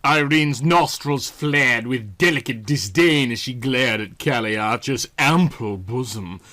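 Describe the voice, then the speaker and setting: Man, comedic reading, dry, mock-serious, mid-pitched. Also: a little slow, sharp tone. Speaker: reader. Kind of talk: comedic reading of a bad novel.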